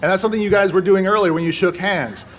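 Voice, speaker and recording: A man on a convention panel in relaxed casual talk, tossing in quick jokes. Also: sits high, slight background noise.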